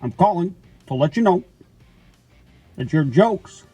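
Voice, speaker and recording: A man doing a lofty, measured former president. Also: high voice, lively intonation, dark tone, breathy edge, muffled recording, faint music behind, exaggerated voice. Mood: lecturing. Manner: slow, halting delivery broken into short phrases; stately, lecturing tone. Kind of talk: comedy sketch phone call.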